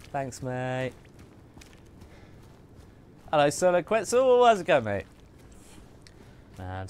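A man's voice: medium pitch, darkish tone, slight background noise. A man streaming a game, chatting and joking and muttering asides to himself as he plays. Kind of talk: casual gaming commentary.

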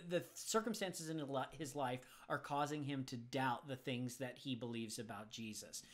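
A man teaching as he answers viewer questions about the Bible, conversational and thinking aloud. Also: fairly high pitch. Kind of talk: casual Bible Q&A.

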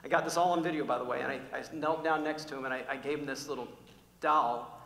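A man preaching a sermon, telling personal stories in an animated, conversational way with frequent restarts. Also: mid-range voice, fast talker. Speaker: pastor. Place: large church hall. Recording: echoey church hall with long reverb.

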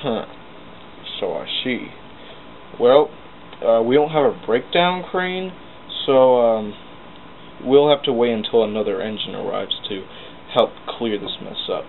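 A man's voice: mid-range voice, lively intonation, measured pace, creaky, pauses often. A man voicing a stern, bossy railway controller who gives orders and threatens, on a tinny, hissy recording. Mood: hesitant. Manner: stern, commanding. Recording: tinny lo-fi with hiss.

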